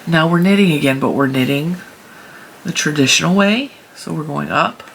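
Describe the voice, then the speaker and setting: A woman's voice: low voice, big pitch swings, normal speed, creaky, a bit bright, slight background noise. A woman hosting her own knitting channel, talking casually and emphatically as she demonstrates stitches at home. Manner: chatty and emphatic, talks through her hands' work.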